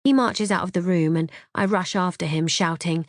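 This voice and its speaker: A woman narrating a first-person thriller audiobook in an expressive, tense storytelling manner. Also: lowish voice, normal speed, hardly any pauses, dry recording, studio quality.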